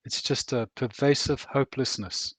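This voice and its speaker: An older man talks about hard things in an earnest, measured voice, pitched at an ordinary middle. He slows down and weighs each heavy word. The sound is close and dry, with no room echo. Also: slightly rough. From Rhodesia. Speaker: veteran author and counsellor. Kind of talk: reflective interview talk.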